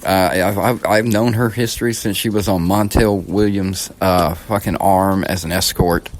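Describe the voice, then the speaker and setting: A podcast host with a low-pitched voice and steady tone rambles through a casual political monologue at a moderate pace. He's blunt and profane, frequently restarting his thoughts.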